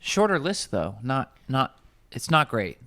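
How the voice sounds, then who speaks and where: A young man, a nutrition coach, chatting casually in an office kitchen, reading out ingredient lists in a wry, animated way. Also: mid-range voice, a little slow, dry recording.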